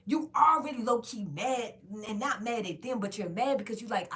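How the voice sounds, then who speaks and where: A woman's voice: on the high side, moderate pace, hardly any pauses. A woman, casually and profanely telling viewers a long story about a job. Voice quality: frank, profane, animated storytelling.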